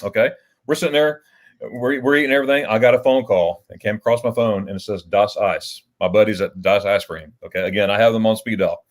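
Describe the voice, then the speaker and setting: A man's voice: lowish voice, brisk. A man hosting a casual livestream chat, telling rambling stories with restarts and chuckles. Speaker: livestream host.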